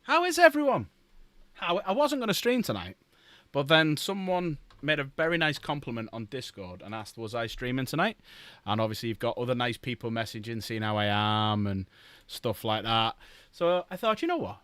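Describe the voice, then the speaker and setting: Chatty, swearing streamer, lively voice. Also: male voice, medium pitch, normal speed, clear, resonant tone, no echo. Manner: chatty, jokey, swears casually. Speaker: live streamer greeting chat. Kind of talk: casual live-stream chat. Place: home room while painting miniatures.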